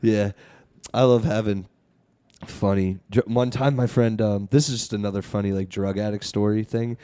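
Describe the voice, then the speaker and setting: A man's voice: fairly low pitch, fairly even intonation, moderate pace, mellow, clear, resonant tone. Laid-back swearing podcast host guy. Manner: laid-back, swears casually, laughs often. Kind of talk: casual chat. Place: his apartment.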